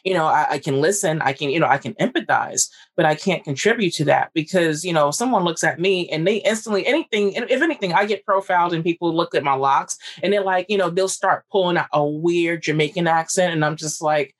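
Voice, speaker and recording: A woman's voice: lowish voice, a little fast, few pauses. A woman from Brooklyn hosting a podcast, talking frankly and rambling in casual conversation, often laughing. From Brooklyn, New York. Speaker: podcast host.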